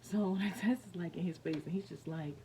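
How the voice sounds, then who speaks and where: A woman's voice: fairly low pitch, a little fast, mellow, a little hiss or hum, rough recording. A young woman vlogger telling a personal story in a rambling, casual way, full of fillers and restarts.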